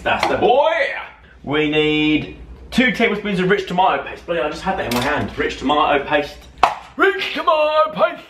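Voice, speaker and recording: Excitable man with a lively voice. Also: fairly high pitch, slight background noise. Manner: rambling, self-mocking, excitable. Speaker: vlogger. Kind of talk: casual chatty cooking vlog. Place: home kitchen. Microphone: camera mic, talking to camera.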